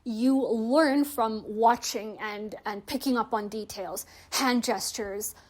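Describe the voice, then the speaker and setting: Chatty young woman, slightly high voice. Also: slow pace. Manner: chatty, friendly, frequent "like" fillers. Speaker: language-learning video host. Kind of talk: casual explanatory vlog.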